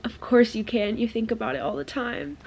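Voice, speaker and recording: A young woman in her twenties vlogging about a book she is reading, gushing and excitable, reading passages aloud softly between her reactions. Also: on the high side, fairly quick, creaky, highs cut off. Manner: gushing, excitable, reads quotes softly, laughs often. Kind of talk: casual reading vlog, reading aloud.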